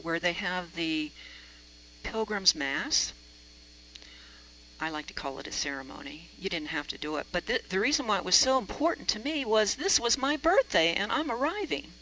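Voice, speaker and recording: A woman preacher spins a personal story in a chatty, self-deprecating way, her voice bright and forward. A faint hum sits under her voice. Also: on the low side, low-quality recording. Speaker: reverend. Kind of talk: storytelling sermon.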